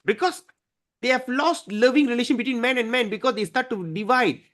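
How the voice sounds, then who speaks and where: A man teaching a devotional scripture class, emphatic and often clearing his throat. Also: very high voice, a little fast, fairly bright tone.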